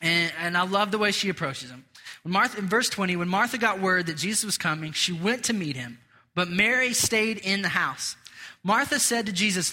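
A man delivers a conversational sermon in a high, piercingly bright voice, chatting with the congregation and poking fun at himself. His words ring out with a long reverb, as in a large hall. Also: lively intonation, normal speed. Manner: casual, chatty, self-deprecating asides. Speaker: pastor.

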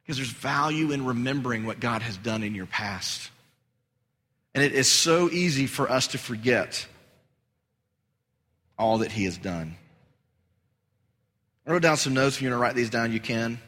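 A man preaching a sermon as pastor, animated and rising high and loud for emphasis. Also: moderate pace, pauses often. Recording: long hall reverb.

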